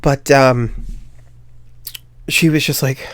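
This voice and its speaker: A young man recounts a story on his podcast, rambling and full of ums as he replays both sides of the conversation. His voice sits at an ordinary middle pitch. The sound is dry, with no room echo. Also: steady tone, slow, pauses often. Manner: rambling, many ums, quotes others in dialogue. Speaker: podcast host. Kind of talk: casual storytelling.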